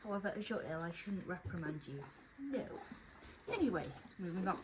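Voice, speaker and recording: A woman's voice: fairly low pitch, expressive, a little fast. Woman, horse vlogger, fond teasing chat, noisy background. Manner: fond, teasing, mock-stern talk to horses. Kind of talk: casual vlog chat to horses and viewers.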